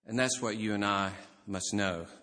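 A man from Alabama with a Southern US accent preaching a sermon, telling the story with animated voices. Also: lowish voice, normal speed. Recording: reverberant hall.

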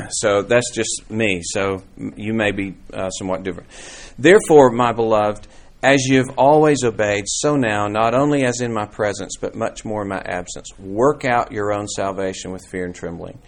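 A man with a fairly low voice leads a church Bible class. His talk is casual and meandering, full of restarts and fillers. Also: normal speed. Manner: conversational, rambling with restarts and fillers. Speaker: church teacher. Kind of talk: informal Bible class teaching.

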